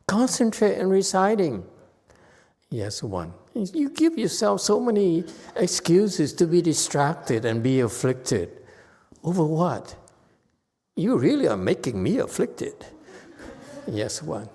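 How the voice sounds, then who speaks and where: A man's voice: a little high, big pitch swings, takes it slowly, pauses often, a little mellow. A man leading a dharma talk and answering questions, blunt and exasperated as he scolds his students. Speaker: meditation master answering questions. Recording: long hall reverb.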